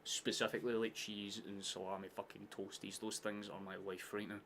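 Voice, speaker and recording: A man hosting a live football watchalong, chatting casually, swearing often and shouting at big chances. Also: lowish voice, level tone, a little fast, a little hiss or hum.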